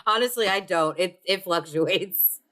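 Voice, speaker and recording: A woman's voice: fairly low pitch, a little slow, background noise. A woman from the United States co-hosting a podcast, rambling in casual chat with swearing and frequent laughter. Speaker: podcast co-host.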